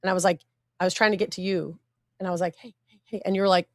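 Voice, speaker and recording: A woman co-hosting a podcast, telling stories in a lively, playful way. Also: fairly low pitch, racing, dry recording, studio quality. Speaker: podcast co-host and shop worker. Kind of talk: casual chat.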